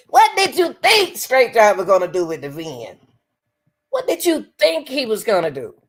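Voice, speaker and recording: A woman hosting a live-stream reaction commentary, exclaiming and laughing often. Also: normal speed. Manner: exclaims and laughs often, animated pitch, calls on the Lord. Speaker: commentary show host.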